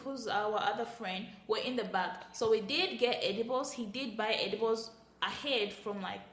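A woman's voice: fairly high pitch, normal speed, a bit bright, roomy sound. A woman co-hosting a podcast, chatting casually about an experience, giggly and full of "like". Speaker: podcast co-host. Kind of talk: casual storytelling chat.

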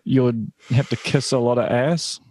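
A man's voice: mid-range voice, fairly even intonation, unhurried, a little mellow, no room sound. A man hosting a casual interview, asking questions in a friendly, encouraging way. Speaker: podcast host.

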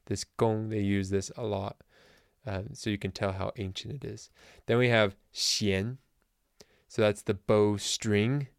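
A man's voice: on the low side, steady tone, a little slow, creaky, clear, resonant tone, no room sound, studio quality. A man teaching a casual vocabulary lesson to camp members, chatty and self-deprecating with small jokes.

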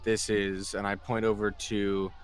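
A man with a lowish voice taking his turn in a tabletop game. He speaks formally as his devout character and stumbles over words when he steps out of it. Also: level tone, unhurried, background noise. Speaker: player. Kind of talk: playing a pious knight in a tabletop game.

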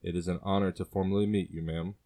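A man voicing a burly, confident seafaring man in a storybook reading, calm and bold. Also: low-pitched, fast talker.

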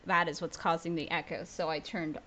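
A woman co-hosting a casual podcast over a video call, playful and quick to laugh. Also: low-pitched. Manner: laughs often, animated and playful. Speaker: podcast co-host. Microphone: home mic on a video call.

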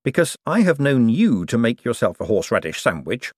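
A man's voice: mid-range voice, very animated, brisk, breathy edge, no echo, studio quality. A man reading an audiobook, voicing a hesitant, dryly ironic young man. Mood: uneasy, wry.

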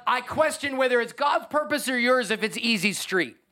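A middle-aged man, preaching a sermon as pastor in an animated, joking way with asides to the congregation. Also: very high-pitched, moderate pace.

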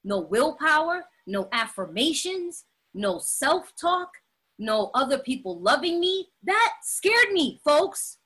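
A woman with a high, bright voice tells her personal story in an animated and dramatic way, stressing her words and laughing often. She speaks straight to her listeners, as at a recovery meeting. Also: takes it slowly. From Latin American heritage. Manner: laughs often while talking. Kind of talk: personal testimony talk.

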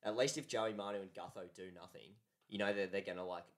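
A man, co-hosting a casual sports podcast with quick, chatty agreement. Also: low voice. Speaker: podcast co-host.

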